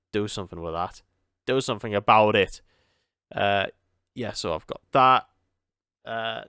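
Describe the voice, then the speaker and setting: A man's voice: fairly low pitch, vocal fry, fairly bright tone, smooth, no room sound, studio quality. A young man, hosting a solo podcast in a casual, rambling way, repeating words and laughing often. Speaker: podcast host.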